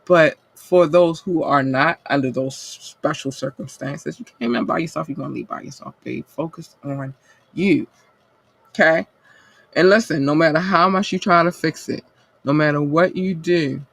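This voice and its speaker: A man's voice: fairly high pitch, a bit bright. A man hosting a podcast, delivering a blunt, profanity-laced motivational monologue and calling listeners babe and baby. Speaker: podcast host.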